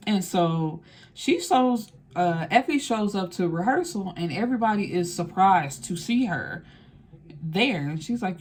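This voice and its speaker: A woman's voice: fairly low pitch, expressive, unhurried, breathy edge. A woman recapping a film in a casual, blunt and slangy way, swearing freely as she retells the story. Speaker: film reviewer.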